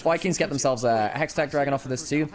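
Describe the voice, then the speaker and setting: A man doing excitable, jokey play-by-play commentary as an esports caster, swinging between shouts and low asides. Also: fast talker.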